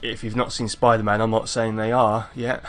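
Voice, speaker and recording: A man's voice: on the low side, flat delivery, moderate pace, soft background music. Laid-back English man reviewing. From England. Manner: laid-back, chatty, meandering. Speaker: YouTube reaction host. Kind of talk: casual reaction commentary.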